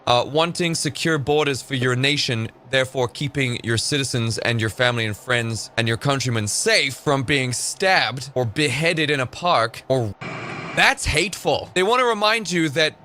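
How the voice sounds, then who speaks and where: A man's voice: lively intonation, normal speed, slight background noise. A man, an online commentator, reading news aloud and cutting in with sarcastic, mocking remarks. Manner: sarcastic, mocking, swings into high shouted bits.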